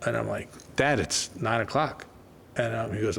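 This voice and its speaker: A man's voice: on the low side, moderate pace, creaky, slight background noise. An older man, a label founder, telling stories in a casual interview and acting out quoted dialogue. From New York. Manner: animated anecdotes, acts out quoted dialogue. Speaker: record label founder, guest.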